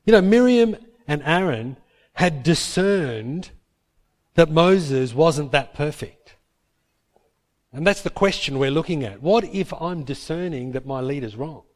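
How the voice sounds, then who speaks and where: A man preaching a sermon, retelling Bible stories with lively acted-out quotes. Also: on the high side, measured pace. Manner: lively storytelling, acts out biblical characters in quotes. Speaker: pastor.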